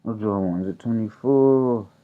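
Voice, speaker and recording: A man's voice: on the low side, fairly quick. A man teaching scripture informally as a street preacher. He reads verses aloud, explains them in slang, and keeps checking in with "right?". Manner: checks in with "right?" after nearly every point. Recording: tinny phone-like audio.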